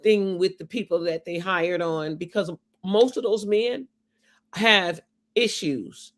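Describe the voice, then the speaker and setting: A woman hosting a livestream interview over a video call, animated and plain spoken, often chiming in to agree. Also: lowish voice, slow pace. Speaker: livestream talk show host. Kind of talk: casual interview chat.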